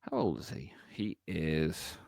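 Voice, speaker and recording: A man's voice: extremely low pitch, sing-song, takes it slowly, vocal fry, darkish tone, dry recording, clean studio sound. A man hosting a podcast, chatting casually and laughing as he reads out viewer comments. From Ireland.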